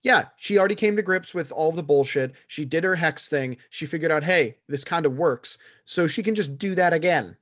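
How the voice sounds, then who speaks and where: A man's voice: on the high side, a little fast, few pauses, fairly bright tone, no room sound, studio quality. A man co-hosting a casual podcast chat, blunt and sarcastic, swearing freely as he sums up a show. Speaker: podcast co-host. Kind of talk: casual chat reviewing a series.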